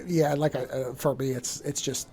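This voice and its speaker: A man co-hosting a podcast, talking in a halting casual way with many restarts. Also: medium pitch, steady tone, mellow, a little hiss or hum. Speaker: podcast co-host. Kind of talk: casual chat.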